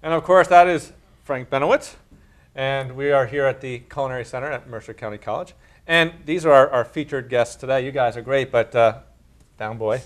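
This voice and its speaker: Enthusiastic chef co-hosting a cooking show. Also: male voice, medium pitch, a little fast. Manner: chatty, enthusiastic with restarts. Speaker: chef and co-host. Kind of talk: casual studio chat.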